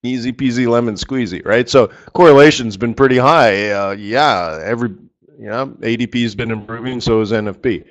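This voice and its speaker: A man's voice: medium pitch, fairly quick, lo-fi sound. A man coaching traders in a live webinar lesson, talking in a chatty, joking way and throwing out rhetorical questions. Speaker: forex trading coach.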